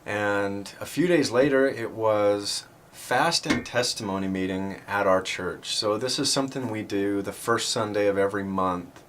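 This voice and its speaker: A man telling a personal faith story in an earnest, self-deprecating way, often pausing and restarting his sentences. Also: lowish voice, a bit bright, slight background noise.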